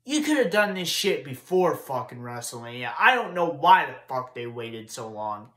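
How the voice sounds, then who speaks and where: A man's voice: mid-range voice, very animated, normal speed, a bit bright. A young man giving a casual, profane, frustrated rant while recapping wrestling news. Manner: frustrated, profane, repetitive ranting. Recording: echoey room.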